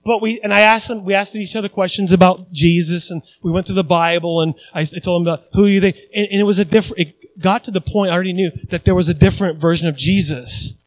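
A high-pitched man preaches a sermon with lively energy. He acts out the voices of Bible characters and drops in self-deprecating asides, often restarting mid-sentence. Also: quick pace, few pauses, no echo, low-quality recording. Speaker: pastor.

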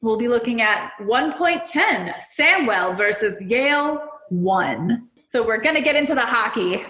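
A woman's voice: fairly high pitch, lively intonation, unhurried, pushed and bright, echoey room. A young adult woman co-hosting a podcast, talking candidly and with some self-deprecation. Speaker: podcast co-host. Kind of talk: casual podcast chat.

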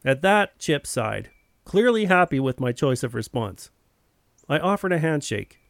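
A man's voice: a little high, big pitch swings, unhurried, creaky, no room sound. A man telling a first-person story in a plain, wry narrating voice.

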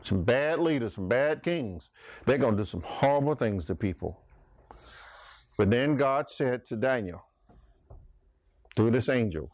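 A man's voice: medium pitch, lively intonation, a little slow, pauses often, darkish tone, no room sound. A middle-aged man teaching a Bible class in a folksy sermon style, asking the class questions. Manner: folksy, laughs often, asks the class questions.

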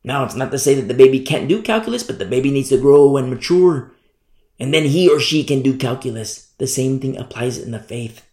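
A man's voice: mid-range voice, expressive, fairly quick, darkish tone. A male pastor preaching a fervent sermon, driving points home with repetition. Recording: roomy echo.

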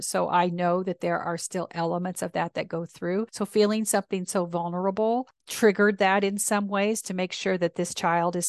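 Gravelly woman telling stories. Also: lowish voice, no echo, studio quality. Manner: warm storytelling, confessional, with acted quotes. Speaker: podcast host and reverend. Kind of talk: personal reflective talk.

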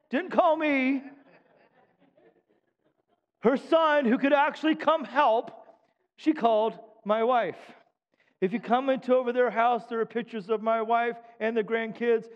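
Pastor, man, middle-aged, high-pitched, emphatic sermon with amen call-outs, long church reverb. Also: normal speed. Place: church sanctuary. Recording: dull sound with long hall reverb.

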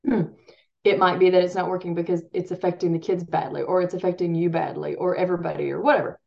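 A woman's voice: on the low side, little pitch movement, quick pace, gravelly, darkish tone. Chatty woman parenting coach, dull lo-fi sound. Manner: rambling, self-interrupting, laughs at herself. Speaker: parenting coach and podcast guest. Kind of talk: casual conversational interview.

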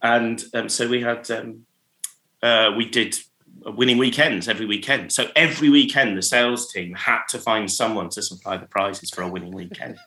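A man's voice: on the low side, normal speed, sharp tone. Chatty laughing man in a roomy room. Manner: laughs often, acts out callers and jingles. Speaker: radio programmer, podcast guest. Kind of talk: casual anecdotal chat.

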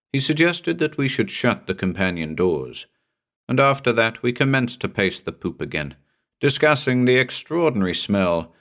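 A man reading a horror story aloud in a measured, dramatic storytelling manner. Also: low-pitched, fairly bright tone. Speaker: audiobook narrator.

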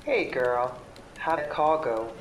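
A woman voicing a laid-back female call center coworker with a low, drawling voice. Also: animated, slow, slight background noise, heavily acted, low-quality recording. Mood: teasing.

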